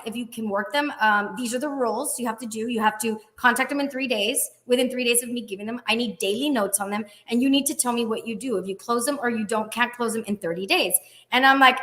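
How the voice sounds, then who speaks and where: Brief: female interview guest, higher voice, lively storyteller who acts out the dialogue. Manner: animated, acts out quoted dialogue, laughs often. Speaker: guest, insurance agent.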